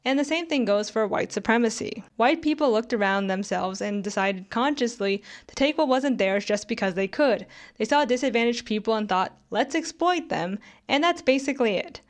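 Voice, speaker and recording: A woman's voice: on the high side, a little fast, few pauses. A young woman reading a scripted video essay in a critical, conversational way, with sarcastic asides.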